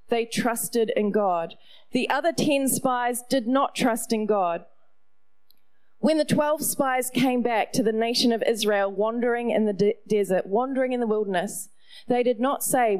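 A middle-aged woman with a New Zealand accent, preaching a sermon in an animated storytelling way with playful asides. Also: fairly high pitch. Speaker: pastor.

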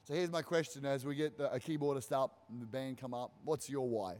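A male pastor preaching in a church hall on a handheld mic, his voice a touch high. He is animated and rousing, circling back over his phrases to drive them home. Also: normal speed. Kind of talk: sermon.

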